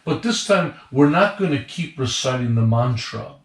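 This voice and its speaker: A man calmly and patiently explaining meditation techniques as a teacher, in a relaxed conversational way. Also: mid-range voice, moderate pace. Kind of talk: guided instruction, conversational. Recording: roomy, distant mic.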